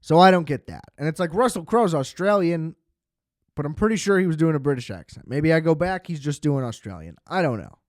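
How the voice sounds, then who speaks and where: A man's voice: a little high, expressive, a little fast, no echo, studio quality. A man hosting a podcast, reviewing films in a rambling, sarcastic monologue full of fillers and swearing. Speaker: podcast host. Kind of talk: casual film review monologue.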